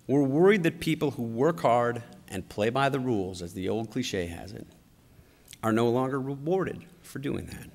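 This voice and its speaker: Lively man in a reverberant hall. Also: medium pitch, moderate pace. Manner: animated anecdotal delivery with acted quotes. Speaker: conference speaker. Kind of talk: storytelling political speech. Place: large conference hall.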